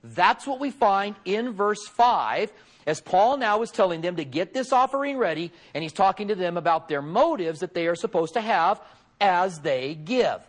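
A middle-aged pastor giving a conversational sermon, folksy, with joking asides to the congregation. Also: male voice, sits high, animated, normal speed.

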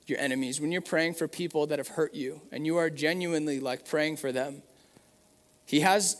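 A man preaching a sermon in an earnest, conversational way, with fillers and restarts. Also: fairly high pitch. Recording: long hall reverb.

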